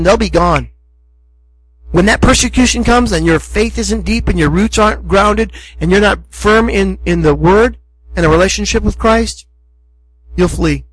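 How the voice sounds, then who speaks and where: Husky-voiced man preaching a sermon. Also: high voice, rough recording. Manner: conversational, emphatic preaching with acted asides. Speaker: pastor.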